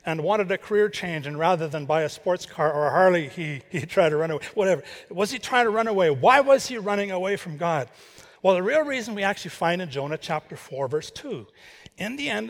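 A man preaching a sermon, reading scripture and wandering into chatty asides with self-corrections. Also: high voice. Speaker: pastor. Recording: reverberant hall.

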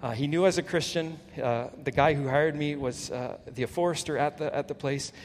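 A male pastor preaches an earnest sermon, with a voice pitched a little high. He swings from emphatic peaks to quiet, low asides. The sound carries a long reverb and faint room noise behind it. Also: brisk.

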